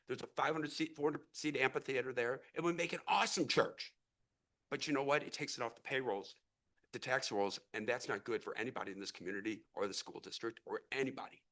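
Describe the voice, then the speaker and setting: A man's voice: mid-range voice, a bit bright. A middle-aged man who grew up in the St. Louis area, giving an impassioned, rambling speech as a real estate investor at a city council meeting. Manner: earnest, rambling, repeats and restarts words.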